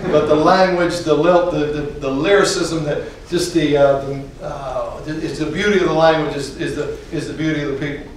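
A man's voice: a little high, fairly even intonation, moderate pace, hardly any pauses, a little hiss or hum. A man telling funny anecdotes in a chatty, meandering way, often restarting and laughing as he goes. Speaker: speaker. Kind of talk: storytelling talk with jokes. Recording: distant, echoey room, faint ambience.

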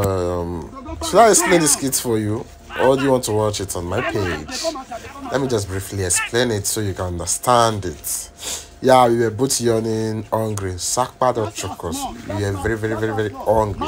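A man with a Nigerian Pidgin English accent, recapping his comedy skits for viewers, animated and laughing, slipping into Pidgin. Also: fairly low pitch. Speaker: comedy skit creator. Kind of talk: casual storytelling to viewers. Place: live gallery with people around.

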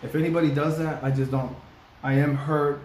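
A man's voice: a little high, level tone, a little fast, darkish tone. A man co-hosting a reaction video, talking rawly and emotionally, close to tears, repeating himself for emphasis. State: on the verge of tears. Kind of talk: emotional casual reaction talk. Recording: roomy echo, faint background noise.

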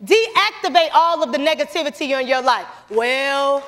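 A young woman giving an animated motivational speech in a church, calling out to the audience as she tells stories. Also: high voice, fairly quick. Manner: animated, calls to the audience, storytelling. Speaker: motivational speaker. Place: church sanctuary. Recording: long church hall reverb.

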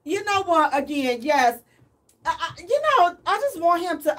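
A woman hosting a radio advice chat in an animated, emphatic, preachy way. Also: very high voice, measured pace, distant mic. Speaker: radio show host.

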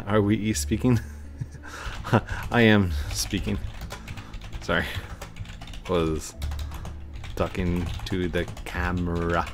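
A gaming channel host from Missouri, USA, speaks with a rural twang in a low, flat, slow voice, pausing often. Rambling and chatting through casual gameplay commentary, he frequently mocks himself with a chuckle as faint game music plays behind him.

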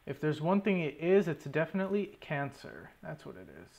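A young man talks through his gameplay in a running, exasperated stream. He swears freely and mutters to himself. His voice sits a little high for a man. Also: expressive, a little fast, vocal fry, darkish tone. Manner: swears often, exasperated running self-talk. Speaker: gaming YouTuber. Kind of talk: live commentary over gameplay.

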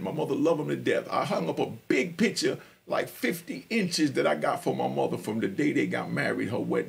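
Very gravelly middle-aged man telling his story. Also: mid-range voice. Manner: emphatic and streetwise, addresses listeners directly. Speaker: guest storyteller. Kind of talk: personal storytelling on a podcast.

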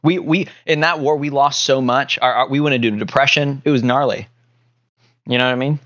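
A man on a casual podcast, telling a far-fetched theory in a rambling, deadpan way, stopping often on ums and restarts. His voice sits at a middling pitch. The audio is a little muffled and lo-fi. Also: a little fast. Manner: rambling, deadpan conspiracy storytelling with many fillers. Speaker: podcast co-host. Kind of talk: casual joking chat.

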